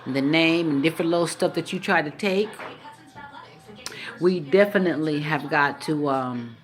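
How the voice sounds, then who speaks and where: A woman's voice: low-pitched, moderate pace, faint music behind. A woman vlogger talking casually to the camera in a teasing, mocking, playful way.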